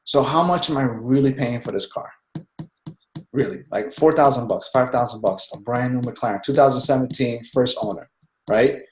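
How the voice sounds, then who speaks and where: A team member on a group conference call chats excitedly at normal speed, rambling from thought to thought and ending sentences with "man." His mid-pitched voice comes through with a roomy echo, as if heard across a call line.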